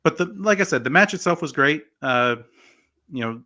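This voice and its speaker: A man co-hosting a casual podcast, talking in an animated way with lots of "like" and "you know". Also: a little high, normal speed. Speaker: podcast co-host. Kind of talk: casual wrestling podcast chat.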